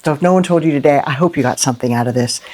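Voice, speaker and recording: Chatty, animated Christian woman host. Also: deep voice, racing. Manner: chatty, animated, rhetorical questions and "right?". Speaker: Christian inspirational video host. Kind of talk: unscripted heartfelt monologue to camera.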